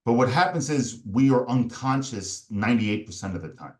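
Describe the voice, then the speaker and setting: Hombre con entonación muy expresiva. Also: male voice, mid-range voice, lively intonation, moderate pace, a little mellow. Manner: explains step by step, acts out angry inner voices. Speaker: performance coach. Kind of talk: podcast interview.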